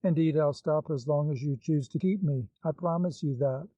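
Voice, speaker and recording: A man's voice: a little high, moderate pace, warm tone, dry recording, lightly acted. A man reading the part of a bold, impertinent young woman with a glib, mocking manner, in a dull, dry recording. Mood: playful mocking.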